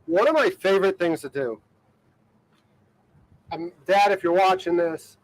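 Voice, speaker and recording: High-voiced man chatting on a boat livestream. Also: a little slow, poor audio. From Ohio, USA. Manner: rambling, filler-heavy talk with many "like"s and frequent laughter. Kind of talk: casual live-stream chat. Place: outdoors on a boat on the water.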